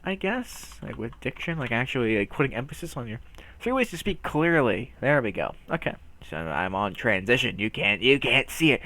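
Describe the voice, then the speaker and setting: A man's voice: medium pitch, sing-song, moderate pace, sharp tone. A young man rambling through a casual video, goofy and self-mocking, often stumbling and restarting his words. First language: English. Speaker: video host.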